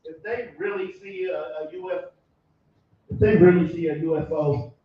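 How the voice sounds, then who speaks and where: A man, calmly adding his points in an outdoor street preaching debate. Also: fairly high pitch, normal speed. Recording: echoey, dull street recording.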